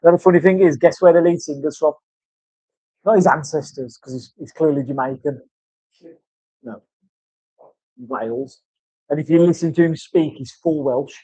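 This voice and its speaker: A man's voice: fairly high pitch, normal speed, pauses often, mellow, dry recording. A man chatting casually at work as a tattoo artist, swearing freely and telling rambling stories. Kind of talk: casual chat while working. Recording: dull lo-fi recording.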